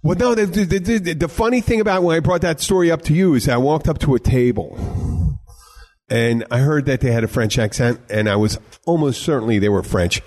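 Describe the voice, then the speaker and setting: Male podcast host, rambling and emphatic, restarts often and swears freely, casual chat. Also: medium pitch.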